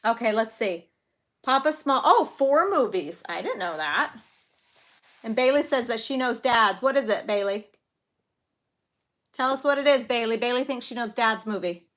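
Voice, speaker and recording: Bright, chatty woman hosting live trivia. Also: on the high side, animated, moderate pace, long pauses. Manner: chatty and giggly, tells little stories. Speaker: livestream trivia host and mother. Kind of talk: casual live-stream chat.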